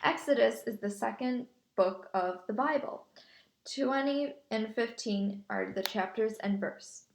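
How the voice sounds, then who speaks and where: Brief: woman reader as calm sensible boy, light fry. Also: high voice, unhurried. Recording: echoey room.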